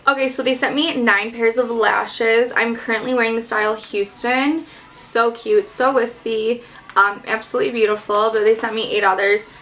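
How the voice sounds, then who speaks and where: A woman's voice: a little high, steady tone, normal speed, fairly bright tone. Young woman vlogging makeup at home, super chatty, tons of likes, sounds a little distant. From Detroit area, US. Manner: chatty, lots of "like" fillers, bubbly and swearing casually. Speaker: beauty vlogger. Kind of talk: casual makeup chat to camera. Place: at home, in front of a mirror.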